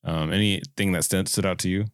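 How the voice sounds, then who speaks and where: A man's voice: low voice, fairly even intonation, a little fast, smooth, no room sound, clean studio sound. A man co-hosting a podcast, chatting casually in an easygoing way with fillers. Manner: easygoing, fillers, says dude. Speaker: podcast co-host. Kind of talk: casual chat.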